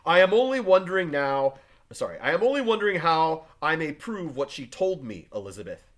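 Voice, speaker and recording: A man's voice: mid-range voice, big pitch swings, normal speed. A man reading an earnest, stubborn farmer. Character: John Proctor, earnest stubborn farmer husband. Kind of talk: reading play aloud to a class.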